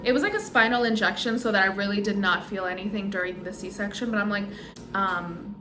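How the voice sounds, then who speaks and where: A young woman vlogger with a mid-range voice talks briskly and casually about giving birth, rambling with lots of "um" and "like." The recording has background noise and a roomy echo.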